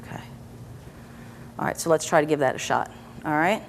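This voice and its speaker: A woman with a slightly low voice leads a guided therapy session, coaxing her client along with soft questions and frequent check-ins. A faint hiss sits under the recording. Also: a little fast, creaky. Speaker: EFT practitioner.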